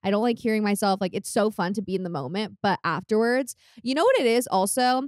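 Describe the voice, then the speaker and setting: A young woman in her twenties from California, chatting as a podcast guest in an animated way, laughing often and quoting herself in lively voices. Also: medium pitch, quick pace, no room sound, studio quality. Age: 20s. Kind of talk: casual chat. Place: podcast studio.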